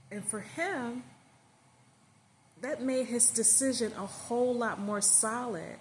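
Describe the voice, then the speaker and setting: A woman's voice: medium pitch, slow pace, pauses often. A woman narrating a story casually in her own words, with fillers and emphatic stress.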